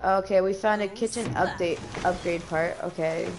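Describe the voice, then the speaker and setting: A young woman streaming a life-sim game, chatting casually with lots of ums and quick bursts of dismay. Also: fairly low pitch, over music. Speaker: gameplay streamer. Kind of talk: casual gameplay commentary.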